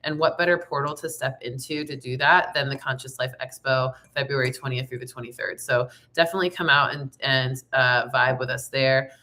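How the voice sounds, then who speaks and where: A young woman with a raspy voice from laryngitis, chatting upbeat and slangy as a tarot reader and singer in a casual spiritual vlog. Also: very deep voice, fairly even intonation, fairly quick, hardly any pauses, pushed and bright.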